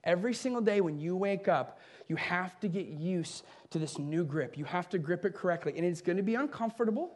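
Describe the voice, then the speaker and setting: A man preaching a sermon as a pastor, swinging between raised, emphatic bursts and soft, low passages, with a chuckle at his own asides. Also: expressive, brisk.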